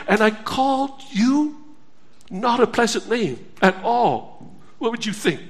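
Earnest high-voiced man preaching. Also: normal speed. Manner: earnest, pleading, shifts between hushed and urgent. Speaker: pastor. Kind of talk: sermon.

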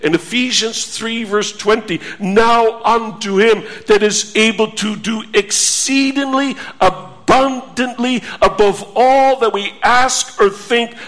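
A man preaching a sermon in a slow, earnest manner, full of rhetorical questions and quoted scripture. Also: very high-pitched, fairly even intonation, a bit bright.

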